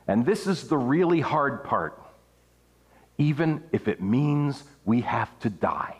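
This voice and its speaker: A man delivers an earnest sermon, his voice sitting at an ordinary middle pitch. He climbs higher to stress a point, then sinks low and quiet as he reads scripture and presses the question home. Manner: earnest preaching, rising and falling for emphasis. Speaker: preacher.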